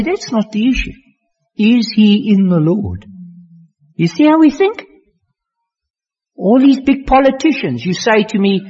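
A male pastor delivers a sermon in an unusually high, husky voice, slow and deliberate. His pitch leaps up on the key words he wants to stress. The recording is dull and lo-fi, with a long reverb from a large hall. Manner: slow, emphatic preaching with rising exclamations.

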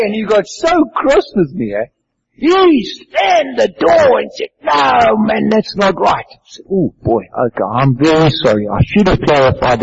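Slow, husky South African preacher. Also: male voice, fairly high pitch. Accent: South African English. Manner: earnest storytelling, slow and emphatic. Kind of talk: sermon. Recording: dull lo-fi sound.

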